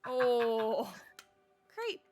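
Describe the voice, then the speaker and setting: A woman playing in a tabletop game session, chatting casually with playful, quick reactions. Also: a little high, sing-song, darkish tone, faint music behind. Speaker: player.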